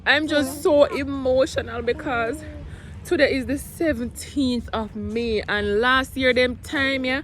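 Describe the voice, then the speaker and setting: A woman's voice: high voice, steady tone, unhurried, crowd noise. A young woman with a Jamaican accent chatting casually through her day in a home vlog, mixing Patois with English. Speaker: vlogger, single mom.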